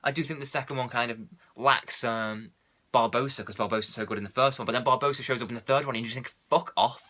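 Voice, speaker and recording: A man's voice: mid-range voice, fast. A man co-hosting a casual film chat, ranting and swearing as he mocks the movies. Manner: animated ranting, swearing, mocking quoted lines. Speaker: podcast co-host.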